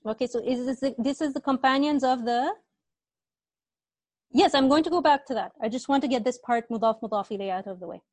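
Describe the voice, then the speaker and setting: A woman's voice: high-pitched, fast talker, darkish tone, no room sound. A woman teaching an online Arabic grammar class, patiently asking her students questions and repeating their answers.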